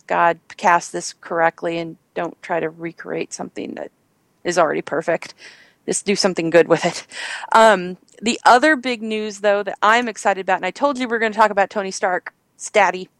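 A woman's voice: mid-range voice, moderate pace, fairly bright tone, no echo. A woman hosting a casual entertainment news chat, enthusiastic and rambling, with frequent fillers. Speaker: host.

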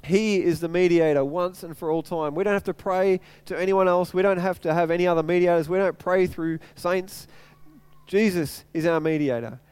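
A man's voice: sits high, fairly even intonation, normal speed, darkish tone, smooth, dry recording. A middle-aged man preaching a sermon in an earnest way, repeating phrases to drive his point home. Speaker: pastor.

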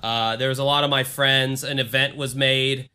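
A man's voice: mid-range voice, flat delivery, moderate pace, sharp tone, smooth. A man from Florida co-hosting a comedy podcast, reading aloud with irreverent, swearing asides. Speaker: podcast co-host. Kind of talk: casual comedic podcast chat.

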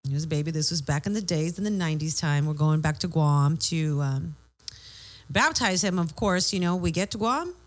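A woman on a podcast, chatting and telling stories in a lively way with free swearing. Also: low-pitched, moderate pace. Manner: lively storyteller, swears freely. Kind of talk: casual podcast chat, storytelling.

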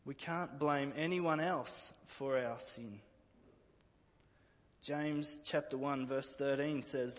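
A man's voice: medium pitch, slow, in a large hall. A man preaching a sermon earnestly, often repeating words as he restarts a phrase. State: emotional at times.

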